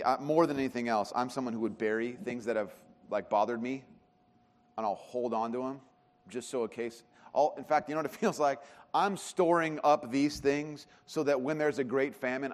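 A man preaching a sermon as pastor, talking conversationally and animatedly, often dropping to quiet emphasis. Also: medium pitch, normal speed, big-room sound.

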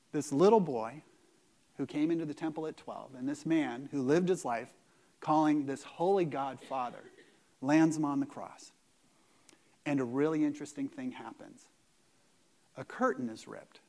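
A man preaching a sermon, asking rhetorical questions and swinging between loud emphasis and quiet asides. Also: a little high, moderate pace. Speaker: pastor.

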